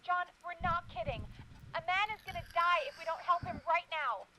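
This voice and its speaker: A frightened young woman in a horror game, pleading as she tends a hurt friend. Her voice sits very high and bright. A faint hiss runs under it. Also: brisk. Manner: pleading, shaken. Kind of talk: video game voice acting.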